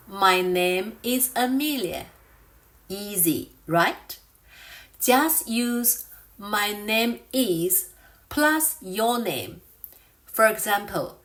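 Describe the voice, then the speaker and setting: A woman teaching a beginner English lesson, speaking slowly and clearly with carefully enunciated, drawn-out example phrases. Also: medium pitch, fairly bright tone. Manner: drawn-out model phrases for shadowing practice. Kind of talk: slow beginner language lesson.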